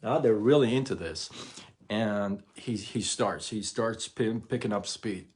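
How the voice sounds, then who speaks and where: Husky, slow-talking man hosting a livestream. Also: on the low side, a little mellow. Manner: stutters when emotional, tearful, emphatic retelling. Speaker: livestream host. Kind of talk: emotional livestream monologue.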